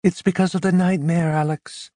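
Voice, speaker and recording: A man's voice: high-pitched, steady tone, moderate pace, mellow, no room sound, studio quality, voice pushed up, lightly acted. A male audiobook narrator voicing an intense, impatient but caring woman, raising his voice and speaking with urgency. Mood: insistent. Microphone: close studio mic.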